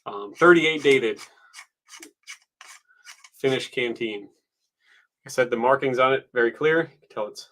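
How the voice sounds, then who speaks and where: A man hosts a laid-back online auction from his home, talking in an easygoing, chatty way with frequent ums. His voice has a bright, forceful edge. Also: mid-range voice, unhurried, long pauses, rough recording. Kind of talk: casual live auction stream.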